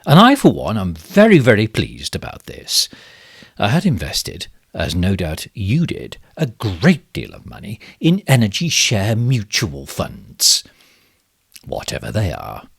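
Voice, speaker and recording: An actor playing a pompous, smug and bumbling male government minister in a comic monologue, with a posh, self-satisfied delivery and sudden leaps in pitch. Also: wildly swooping pitch, unhurried, creaky, husky, no echo, studio quality, heavily acted. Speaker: satirical character monologue. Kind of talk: comic monologue as a fake live stream.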